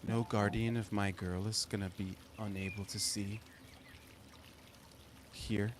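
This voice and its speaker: A man voicing a gentle, motherly former queen who speaks softly and tenderly. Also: fairly low pitch, level tone, slow pace, noisy background. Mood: soothing.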